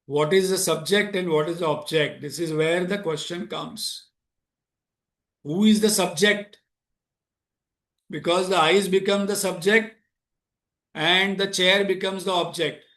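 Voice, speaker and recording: Male spiritual teacher, high voice, lectures through rhetorical questions. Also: steady tone, measured pace, pauses often, a bit bright. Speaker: Vedanta teacher.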